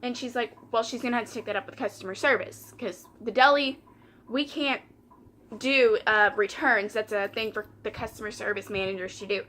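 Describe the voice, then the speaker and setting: A woman's voice: on the high side, moderate pace, fairly bright tone. A young woman, chatting casually while doing her makeup and retelling a story by quoting customers and coworkers. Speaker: vlogger.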